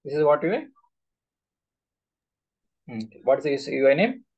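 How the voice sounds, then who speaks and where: A man's voice: on the high side, very animated, a little slow, a little mellow, breathy edge, lo-fi sound. A man teaching a live SQL class, quizzing students with repeated questions. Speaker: SQL instructor.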